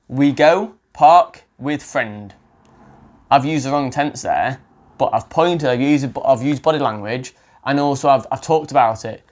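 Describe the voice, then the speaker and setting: A young English man, a language coach, giving casual spoken advice with a chatty, self-correcting manner and frequent restarts. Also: mid-range voice. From England.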